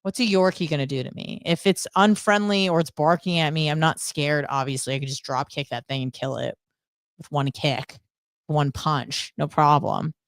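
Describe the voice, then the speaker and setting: Low, smooth-voiced woman ranting bluntly. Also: fairly even intonation, moderate pace, dry recording, clean studio sound. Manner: blunt, profane, sarcastic storytelling. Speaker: podcast co-host. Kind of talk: casual ranting monologue.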